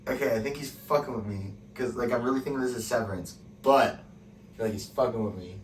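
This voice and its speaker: A man's voice: medium pitch, a little fast. A young man co-hosting a casual podcast, swearing a lot and poking fun at himself as he guesses quiz answers. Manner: swears a lot, wry and self-mocking. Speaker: podcast co-host, quiz contestant. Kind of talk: casual chat. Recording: echoey room, distant mic, faint noise.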